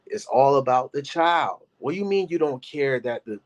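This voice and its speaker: Man in his 30s, reaction-show host, casual rambling delivery, moderate pitch. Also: normal speed, few pauses, highs cut off. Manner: animated, rambling, talks to chat by name. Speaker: commentary host.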